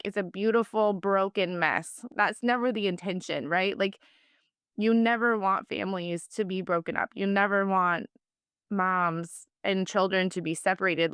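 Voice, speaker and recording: Thirties mom chatting on a podcast, smooth clear voice, dry close sound, says "like" a lot. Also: female voice, medium pitch, fairly bright tone, dry recording. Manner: chatty, heartfelt, many "like" fillers. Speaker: podcast guest, foster and adoptive mom. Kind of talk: casual interview storytelling.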